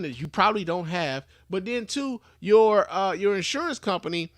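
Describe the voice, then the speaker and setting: A man hosting his own podcast, giving casual, animated commentary on the news with frequent restarts and casual swearing. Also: sits high, fairly quick, hardly any pauses, dry recording, studio quality. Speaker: podcast host.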